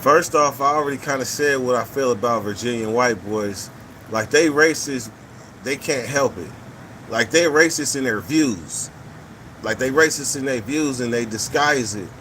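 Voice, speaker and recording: A man's voice: medium pitch, normal speed, a bit bright, a little hiss or hum, rough recording. A man hosting a casual live talk stream, reading viewer comments and giving blunt, profane opinions, often repeating his points.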